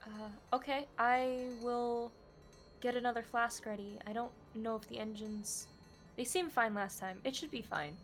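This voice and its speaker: A woman's voice: fairly high pitch, fairly even intonation, measured pace, faint music behind. A woman playing a tabletop game, talking casually and offhandedly, often repeating herself. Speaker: player.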